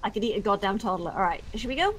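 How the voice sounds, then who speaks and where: A woman's voice: mid-range voice, animated, very fast, a bit bright. Young woman, blunt sweary gamer chat, faint background noise. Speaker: gaming streamer. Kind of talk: casual gaming chat.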